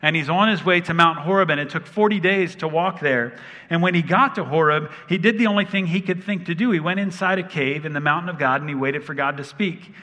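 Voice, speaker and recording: A brisk pastor in his thirties, his voice a little high and pushed bright, preaches a sermon through humorous, animated storytelling. The recording carries the long reverb of the large church hall he is in.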